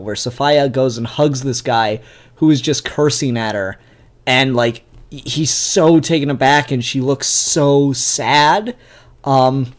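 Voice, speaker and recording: Rambling enthusiastic man reviewing comics. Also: mid-range voice. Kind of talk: casual review chat. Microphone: camera mic, showing pages to camera.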